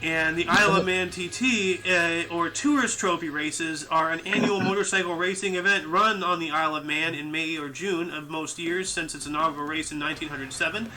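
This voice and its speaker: A man's voice: on the high side, a little fast, few pauses, music in the background, low-quality recording. A young man co-hosting a casual chat, reading history facts aloud and laughing often. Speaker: podcast co-host.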